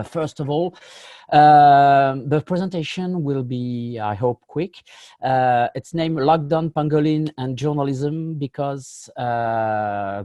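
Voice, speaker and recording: A man with a French accent giving a conference talk over a video call, halting and full of fillers. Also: mid-range voice, mellow, dry recording. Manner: halting, many fillers, apologetic. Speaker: conference panelist.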